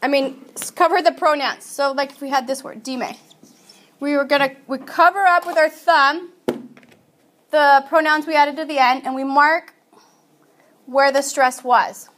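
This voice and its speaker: Female teacher with a high voice, casual and patient in a classroom lesson. She stretches her example words out. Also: fairly even intonation, a bit bright. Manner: chatty, patient explaining, drawing out example words slowly. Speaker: Spanish teacher. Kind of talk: recorded classroom grammar lesson.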